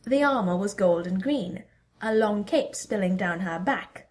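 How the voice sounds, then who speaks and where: A woman narrating a fan-fiction story as an audiobook reader, in an even storytelling manner. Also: mid-range voice, measured pace.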